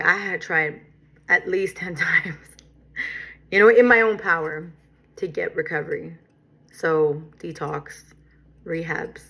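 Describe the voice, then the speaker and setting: A middle-aged woman sharing her personal recovery story in a vlog, earnest and reflective, with pauses and frequent "right?" and "you know". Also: lowish voice, a bit bright. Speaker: recovery vlogger. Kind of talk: personal testimony to camera.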